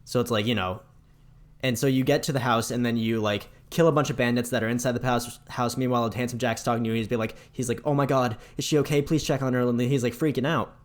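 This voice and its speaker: He's a fast talker with a medium-pitched, steady voice, co-hosting a laid-back podcast about video games. With lots of energy, he retells scenes and mimics a villain mockingly.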